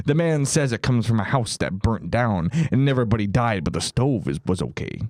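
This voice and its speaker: A man's voice: mid-range voice, animated, normal speed, darkish tone, no room sound, clean studio sound. A man co-hosting a podcast, reading scary stories aloud in a mock-dramatic way and laughing at the silly wording. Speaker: podcast co-host.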